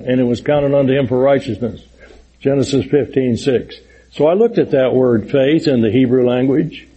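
A man's voice: mid-range voice, warm tone, slight background noise, poor audio. A middle-aged man preaching a Bible lesson, earnest and explanatory, stressing points emphatically and reading scripture aloud. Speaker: preacher teaching a Bible study. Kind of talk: sermon-style Bible lesson.

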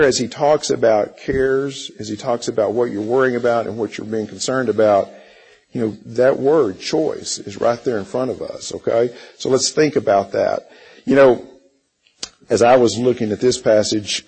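Husky-voiced man teaching a Bible class. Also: fairly low pitch, darkish tone, rough recording. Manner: halting, with many fillers and throat clearing. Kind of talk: church Bible class lesson.

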